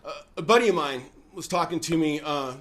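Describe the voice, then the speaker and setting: Animated, high-voiced man telling a joke. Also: fairly quick. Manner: folksy, animated storyteller with lots of fillers. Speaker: host; former pastor. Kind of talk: casual chat with joke telling.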